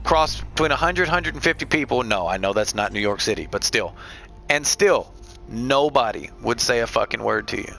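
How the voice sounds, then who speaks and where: A young man streaming a game, telling stories in a profane, animated way during casual voice chat. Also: medium pitch, normal speed, gravelly, soft background music. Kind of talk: casual chat over voice call.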